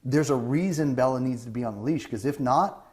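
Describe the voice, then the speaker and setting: Guy hosting a relaxed pet chat, rambly, keeps restarting, mid pitch. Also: brisk. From Southern California. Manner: rambling, restarts often, acts out quoted people. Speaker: host. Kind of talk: casual chat.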